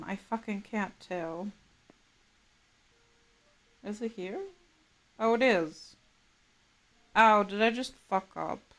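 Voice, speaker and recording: A woman's voice: medium pitch, steady tone, slow, pauses often. A woman streaming live, chatting casually and laughing often while she mutters to herself over her drawing. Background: soft game music.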